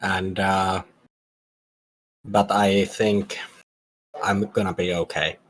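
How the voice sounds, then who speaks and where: A man playing a calm, stoic sneaking expert who speaks in a halting, measured way. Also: low-pitched, slight background noise, poor audio. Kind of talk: tabletop game character voice.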